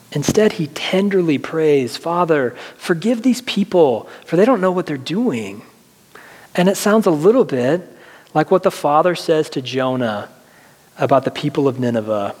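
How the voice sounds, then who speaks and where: A male pastor giving an earnest sermon, slowing down to stress key phrases before leading a prayer. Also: medium pitch, darkish tone. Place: church sanctuary. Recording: long reverb of a large hall, faint music.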